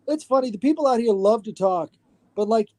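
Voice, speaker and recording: A man talking on a podcast as a guest, lecturing in an animated, profane way. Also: high-pitched, dry recording. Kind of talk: casual podcast chat.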